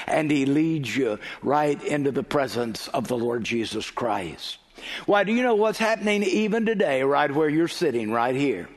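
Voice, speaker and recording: A man's voice: medium pitch, animated, normal speed. A man preaching a sermon, telling a story with dramatic turns and dropping to a near whisper at times, in a church. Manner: dramatic storytelling, drops to a hush. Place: church or chapel. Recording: long hall reverb.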